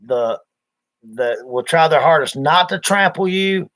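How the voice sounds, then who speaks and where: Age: adult. Sex: man. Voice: slightly high. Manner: folksy, rambling storyteller. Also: animated, unhurried, a bit bright. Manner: folksy, rambling, acts out voices in his stories. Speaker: livestream host. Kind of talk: casual storytelling chat.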